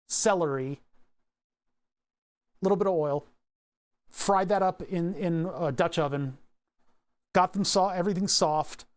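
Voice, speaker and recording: A man chatting casually on a livestream from his home workshop, rambling and often restarting his sentences. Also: a little high. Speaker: streamer.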